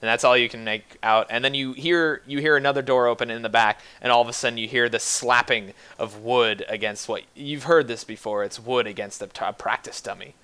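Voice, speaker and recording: Bright-voiced male game master. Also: mid-range voice, steady tone, a little fast, few pauses, clear, resonant tone. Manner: casual, rambling narration with fillers and laughs. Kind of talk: narrating a tabletop game over voice chat.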